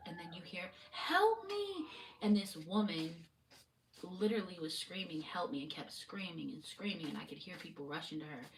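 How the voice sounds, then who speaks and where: A woman's voice: sits low, a bit bright. A woman who gives spiritual readings, chatting loosely on a live stream, rambling and swearing casually. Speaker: spiritual reader on a livestream. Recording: distant mic with faint noise.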